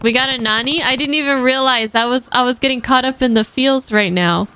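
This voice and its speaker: Woman, livestreamer, gameplay commentary, playful and teasing, fairly high voice. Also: brisk, sharp tone, clean tone.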